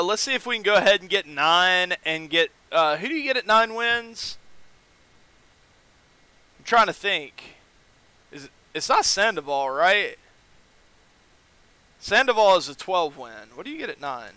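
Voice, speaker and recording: A young man casually commentating a baseball video game on a live stream, joking with his chat and getting excitable. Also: high voice, clear, resonant tone, dry recording.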